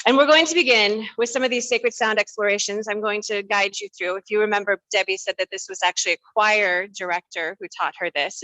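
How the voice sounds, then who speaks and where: A woman leading a congregation through playful breathing and voice warm-ups, laughing and coaxing them along. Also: medium pitch, dry recording. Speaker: worship leader.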